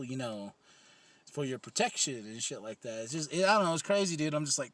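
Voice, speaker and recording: A man's voice: on the high side, big pitch swings, fairly quick, fairly bright tone. A man in his thirties co-hosting a casual comedy podcast, rambling and swearing, laughing often. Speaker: podcast co-host.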